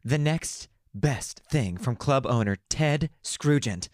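A man voicing an excitable, eccentric male club kid in an audiobook reading, with a breathy, sing-song delivery. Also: mid-range voice, slow pace, dry recording, studio quality, pitched above the performer's own voice. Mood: giddy.

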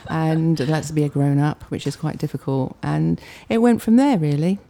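Middle-aged woman guest from Hampshire, low mellow voice, animated storyteller. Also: moderate pace, creaky. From Hampshire, England. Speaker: guest, comedy night organiser. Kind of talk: casual storytelling interview.

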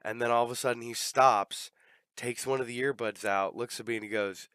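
A man's voice: mid-range voice, level tone, a little fast, fairly bright tone, smooth, no echo. Rambling, profane man, dry sound. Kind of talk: casual chat.

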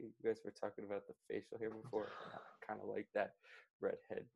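A man's voice: on the low side, completely flat delivery, brisk, gravelly, darkish tone, husky. A man co-hosting a casual podcast, talking with many fillers. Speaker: podcast co-host. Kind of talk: casual chat.

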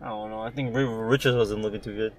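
A man's voice: on the low side, fairly even intonation, fast, slight background noise. Profane, rambling young man chatting. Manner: profane, rambling, loose storytelling. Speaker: podcast co-host. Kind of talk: casual chat.

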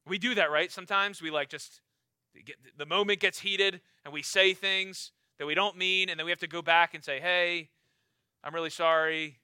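A man preaching a sermon as pastor, emphatic and repetitive, swinging from loud urging to quiet low lines. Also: fairly even intonation, normal speed, clear, resonant tone, no room sound, clean studio sound.

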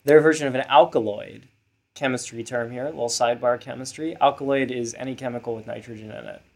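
Man co-host, casual and explanatory, mid pitch. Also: steady tone, fast, vocal fry, darkish tone. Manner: thoughtful, explanatory, with many fillers. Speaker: podcast co-host. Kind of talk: casual chat.

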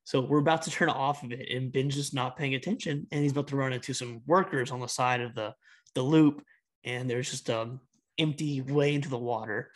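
A man's voice: medium pitch, steady tone, brisk. Male co-host, rambling and hesitant, mid-range voice. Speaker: podcast co-host. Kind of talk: casual chat.

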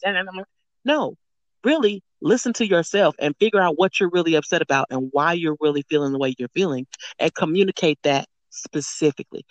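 A woman's voice: sits low, a little fast, dry recording, dull audio. A woman talking frankly as a guest on a podcast, emphatic and acting out quoted speech, swearing casually. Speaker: guest, sex educator. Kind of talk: candid podcast conversation.

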